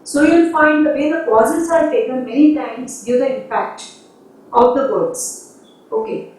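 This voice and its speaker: High-voiced Indian woman lecturing, echoey. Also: a little slow, darkish tone. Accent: Indian English. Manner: explanatory, laughs between points, quotes examples in Hindi. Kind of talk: university lecture. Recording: echoey room, voice from far off.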